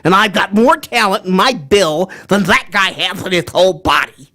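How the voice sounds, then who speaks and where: A man's voice: sits high, sharp tone. A man doing boastful cartoon duck Daffy Duck. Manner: slow, drawn-out boasting.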